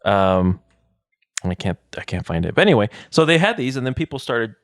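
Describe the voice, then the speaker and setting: A man with a low, smooth, resonant voice talks casually as a podcast co-host, rambling through his points with plenty of ums and self-deprecating remarks. The sound is close and dry, with no room around it. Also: very animated, fairly quick, no room sound. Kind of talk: casual chat.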